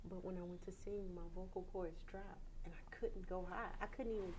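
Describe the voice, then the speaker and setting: A woman guest singer telling a story in a conversation, lively and animated, laughing often and acting out what people said. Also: lowish voice, brisk, a little hiss or hum, poor audio.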